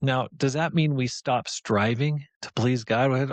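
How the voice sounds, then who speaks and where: A man's voice: medium pitch, unhurried, few pauses, no echo. Male podcast host, devotional teacher; earnest, conversational, encouraging, mid-range voice.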